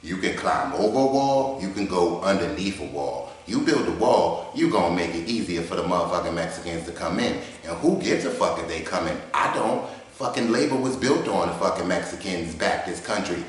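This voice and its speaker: Voicing a brash, cocky male debater, a man speaks in a low, animated voice at normal speed with few pauses. The character swaggers through heavy street slang and constant profanity, and the recording has the echo of a garage.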